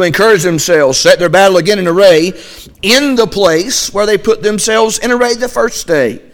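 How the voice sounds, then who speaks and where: A male pastor delivering a midweek sermon in a fairly high voice. He reads scripture aloud and slips into the voices of the Israelites. His talk is folksy and animated.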